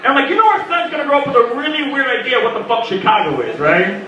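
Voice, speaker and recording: A man's voice: very high-pitched, big pitch swings, fast, bright, forceful tone, a little hiss or hum. A young man performing a crude, mocking stand-up comedy set full of voiced quotes. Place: comedy club stage. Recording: echoey club mic from a distance with crowd. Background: audience laughter.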